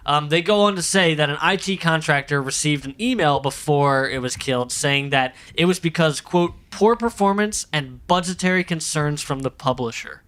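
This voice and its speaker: A man's voice: on the high side, moderate pace, hardly any pauses, a bit bright. A man co-hosting a casual podcast, reading through his research notes, stumbling on names and laughing between points. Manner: reads from notes, chuckles often, stumbles on names. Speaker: podcast co-host presenting research.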